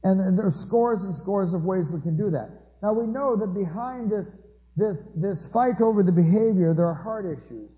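A man's voice: sits high, normal speed, mellow. A man giving a conversational sermon, telling stories with humorous asides. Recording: dull recording with long hall reverb.

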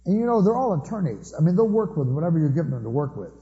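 A man's voice: fairly high pitch, very animated, very fast, warm tone. A man giving a conversational sermon, telling stories with humorous asides. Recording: dull recording with long hall reverb.

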